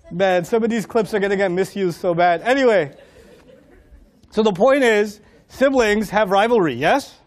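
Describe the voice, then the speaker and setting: A man gives a humorous sermon to a live audience, his voice pitched notably high for a man. He is animated, acting out little scenes of dialogue and laughing often. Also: unhurried, pauses often. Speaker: preacher.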